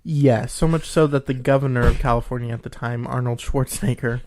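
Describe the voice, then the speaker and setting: A man at a middle pitch co-hosting a relaxed podcast, walking his co-host through background details. He talks in long, loose stretches broken up by frequent ums and restarts. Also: brisk. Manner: explains at length with many ums. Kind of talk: casual chat.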